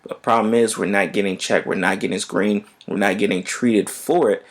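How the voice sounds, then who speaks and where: A man's voice: lowish voice, fairly even intonation, normal speed. A man who is a physician, hosting a health podcast in a casual, conversational way and often checking in with "right?".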